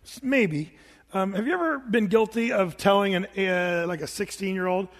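A middle-aged male pastor preaches with animated energy, slipping into voices for the people he quotes. His voice sits fairly high for a man. The sound carries a long reverberant tail, as in a large hall. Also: a little fast. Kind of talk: sermon.

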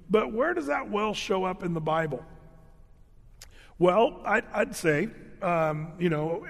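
High-voiced preacher in a reverberant hall. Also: male voice. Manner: storytelling, acts out quoted speakers with humor. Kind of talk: conversational Bible-teaching sermon. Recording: long reverb of a large hall.

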